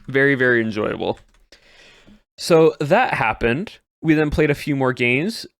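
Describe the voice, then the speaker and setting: A man's voice: medium pitch, lively intonation, measured pace, creaky, fairly bright tone, no echo, clean studio sound. A male streamer chatting casually to his chat as he recaps the year, rambling and repeating words. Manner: rambling, repeats words, trails off mid-sentence.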